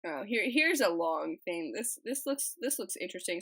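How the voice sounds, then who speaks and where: A woman's voice: fairly low pitch, expressive, moderate pace, hardly any pauses, fairly bright tone, rough recording. A woman casually narrating over her speedpaint and reading posts aloud, rambling and giggly, with a desk mic she keeps bumping. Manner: rambling, giggly, restarts and trails off.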